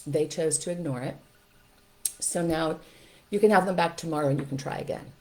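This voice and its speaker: An older woman, a grandmother, giving firm parenting advice in an animated way and acting out what parents and children say. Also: low-pitched, fairly quick. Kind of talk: instructional talk to camera.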